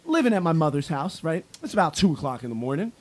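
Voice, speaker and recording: Late-20s man, high voice, profane rowdy storyteller, casual friend chat. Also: very animated, fast.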